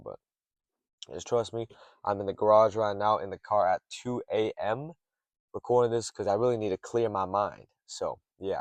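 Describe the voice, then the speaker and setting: Young dude yapping late at night in his car, low voice, cusses a lot, keeps losing his train of thought. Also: darkish tone, no echo. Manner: rambling, swears often, drifts off topic. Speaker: streamer rambling to camera. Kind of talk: rambling late-night monologue. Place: parked car in a garage.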